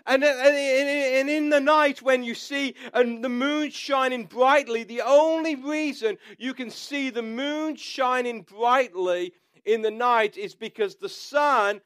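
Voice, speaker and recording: A man's voice: extremely high pitch, a bit bright, clean tone, dry recording. A man giving a sermon as a pastor, telling stories in a conversational way with asides.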